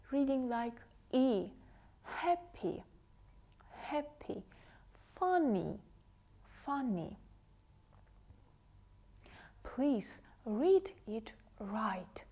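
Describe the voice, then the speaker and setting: Woman, English teacher, children's TV lesson, slow careful drilling, somewhat high voice. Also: dark tone, highs cut off. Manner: slow, carefully articulated, repeats each word twice with falling second.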